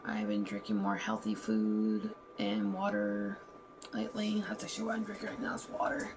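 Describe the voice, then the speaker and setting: Gravelly woman venting on a vlog. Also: a bass voice, very animated, normal speed, background noise. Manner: candid, heated, acts out other people's lines. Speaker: vlogger. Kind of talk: casual venting monologue.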